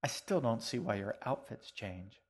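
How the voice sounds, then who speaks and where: A man's voice: mid-range voice, measured pace, slightly rough. A man voicing a curious young girl in a storybook reading, earnest and full of questions. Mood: puzzled.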